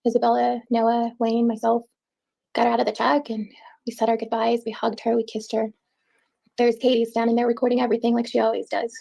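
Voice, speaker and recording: A woman giving an emotional personal account in an interview, halting and repeating words as she speaks. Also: a little high, monotone, gravelly, warm tone, low-quality recording.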